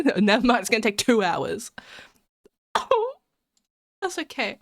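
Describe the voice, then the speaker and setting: A woman streamer in casual live-stream chat, excitable and giggly, rambling and repeating herself. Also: high-pitched, measured pace, long pauses, no echo.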